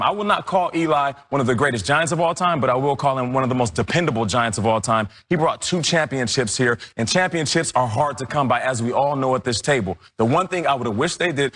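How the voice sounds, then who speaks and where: A male analyst talks fast and forcefully, with a mid-range voice that climbs when he presses a point. He sounds like he is pleading his case. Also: medium pitch. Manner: emphatic, pleading, rising on key points. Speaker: studio analyst. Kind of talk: opinionated studio commentary.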